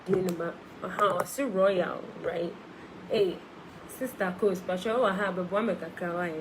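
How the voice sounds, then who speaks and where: A woman's voice: medium pitch, slight background noise, low-quality recording. A young woman with a Ghanaian accent chatting on a live stream from her phone, mixing English and Twi with an effusive, talkative manner. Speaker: singer on a live video. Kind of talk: casual live-stream chat.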